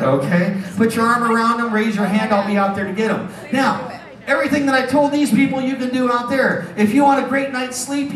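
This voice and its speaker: A man working as a stage hypnotist, bantering loudly and crudely with volunteers and the audience. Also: high voice, distant mic. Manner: brash, teasing, loud crowd banter. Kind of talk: live stage comedy show. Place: casino showroom stage. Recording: roomy hall recorded from afar, audience. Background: audience laughing.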